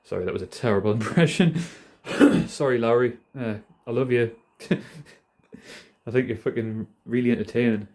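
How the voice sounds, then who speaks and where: Casting: a man with a mellow voice, rambling and profane, ranting casually into a hand-held phone. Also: mid-range voice, normal speed. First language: not American. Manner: profane, rambling, laughs often. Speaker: vlogger.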